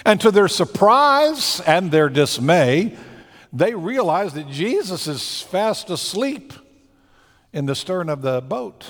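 Animated male pastor, lively high voice. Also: takes it slowly, long reverb tail. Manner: conversational, animated storytelling with acted-out quotes. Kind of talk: sermon.

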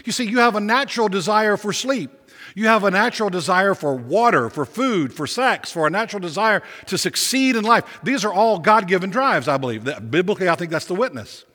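A man's voice: sits high, lively intonation, fairly quick, bright, forceful tone. A male pastor preaching a sermon with emphatic repetition and rhetorical questions. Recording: long reverb of a big hall.

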